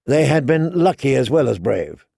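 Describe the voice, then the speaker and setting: Gravelly male audiobook narrator. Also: medium pitch, no room sound, studio quality. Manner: measured, even storytelling. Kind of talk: scripted narration.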